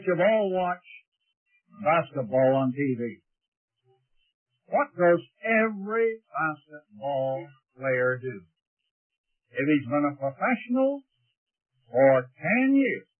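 A preacher teaching a class on speaking, animated and asking his listeners rhetorical questions as he demonstrates breathing. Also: on the high side, husky. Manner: demonstrates breathing and emphasis aloud. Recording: tinny lo-fi tape recording.

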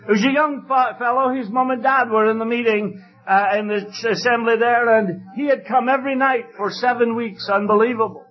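A man preaching an evangelistic sermon, telling stories fervently and emphatically, with loud exclamations at times. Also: extremely high pitch, steady tone, fairly quick, muffled recording.

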